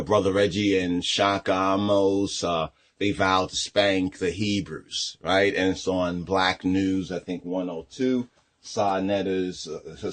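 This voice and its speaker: Man as a combative religious commentator, repeats himself, tags questions. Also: deep voice. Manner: combative, repetitive, with many tag questions. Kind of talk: heated commentary vlog.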